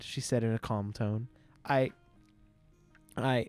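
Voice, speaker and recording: A man's voice: medium pitch, unhurried, long pauses, a little mellow, faint music behind. A young man co-hosting a podcast, reading an old story aloud with mock drama and bursts of laughter. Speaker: podcast co-host.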